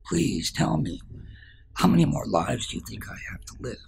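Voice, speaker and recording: A man's voice: mid-range voice, very animated, normal speed, creaky, darkish tone, slightly rough, pitched above the performer's own voice, exaggerated voice. A man voicing an old naked man who pleads with his master while ants bite him. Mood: pleading.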